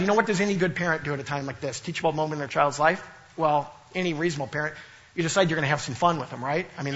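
Bright, high-voiced man preaching a sermon. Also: highs cut off. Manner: storytelling with playful, exaggerated imitations. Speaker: pastor.

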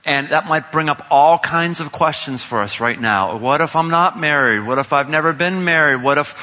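A man preaching a sermon, swinging dramatically between loud outbursts and hushed, intimate lines. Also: a little high, normal speed. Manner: dramatic, swings from shouting to near whisper. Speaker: pastor. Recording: dull sound in a large reverberant hall.

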